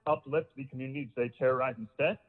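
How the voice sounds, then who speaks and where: A man's voice: medium pitch, fairly even intonation, quick pace. An out-of-breath man calling in with a public comment, insistent and frustrated. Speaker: public caller. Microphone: phone. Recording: phone line with long reverb.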